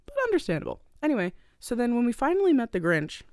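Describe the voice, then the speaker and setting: A woman co-hosting a podcast, recapping a movie in casual, profane, animated storytelling. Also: a little high, fast talker, dry recording, clean studio sound. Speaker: podcast co-host.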